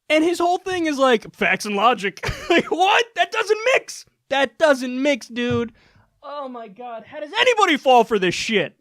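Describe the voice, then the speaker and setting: A man's voice: sits high, no room sound, clean studio sound. A man giving a heated, sarcastic political commentary rant, swearing freely. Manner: fired-up, sarcastic, profane.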